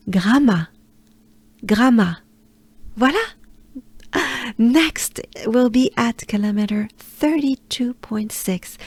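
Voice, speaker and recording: A woman from France with a French accent, teaching pronunciation by slowly repeating syllables and leading the listener through them. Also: mid-range voice, a little mellow, no room sound. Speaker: pronunciation coach. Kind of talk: slow, drilled pronunciation lesson.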